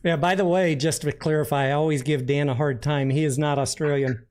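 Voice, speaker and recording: A man's voice: a little high, fairly even intonation, fairly quick, darkish tone. A man hosting a casual livestream, chatting and joking while reading viewer comments aloud. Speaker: livestream host.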